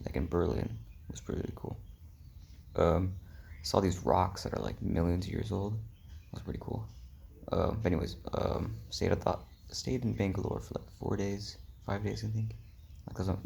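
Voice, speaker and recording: A man's voice: low voice, creaky, warm tone, a little hiss or hum. A young man telling a rambling travel story in a casual vlog, full of "like" and "um", slipping into whispery asides. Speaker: travel vlogger.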